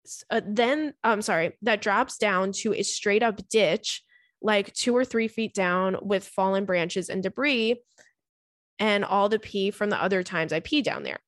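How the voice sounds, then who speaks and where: A woman, hosting a podcast and reading listener stories aloud in an animated, swearing, laughing way. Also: medium pitch, a little slow, no room sound, studio quality. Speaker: podcast host.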